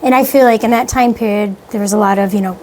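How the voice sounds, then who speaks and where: A woman musician answering a radio interviewer, halting and filling her sentences with many "you know"s. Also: medium pitch, fairly even intonation, mellow, slight background noise, rough recording. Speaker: guest musician. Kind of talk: casual radio interview chat.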